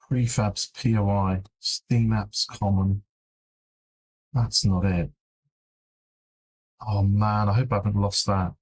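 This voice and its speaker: A man's voice: on the low side, level tone, slow, pauses often, darkish tone, slightly rough. A man streaming on his own, thinking aloud in a fretful mutter as he searches through files. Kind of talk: casual live-stream commentary.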